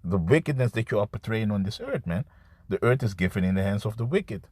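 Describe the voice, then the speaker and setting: A man with a lowish voice preaches off the cuff, reading verses aloud. He stalls and repeats words, then drives on with "man" and "you see." The sound is dry and close, with no room around it. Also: lively intonation, a little mellow, no echo. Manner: repetitive and halting, restarts words, frequent "man" and "you see". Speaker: street-style preacher. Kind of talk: improvised scripture sermon to camera.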